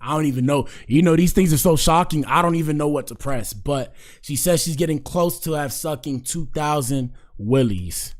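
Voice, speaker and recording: A man's voice: a little high, normal speed, hardly any pauses, faint music behind. A man hosting a commentary show, reacting casually and talking straight to his viewers with slang and repeated catchphrases.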